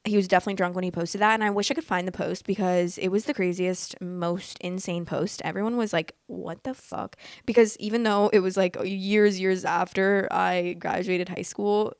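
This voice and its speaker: A young woman in her late twenties, talking fast and loose as a podcast host. She is candid and excitable, swears without a second thought, and reads posts aloud between her own reactions. Her voice sits at a middle pitch and sounds dry and close, with no room around it. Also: clear, resonant tone, no echo. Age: late 20s. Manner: candid, excitable, swears freely, laughs often. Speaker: podcast host reading Reddit stories. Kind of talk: casual chat and reading posts aloud.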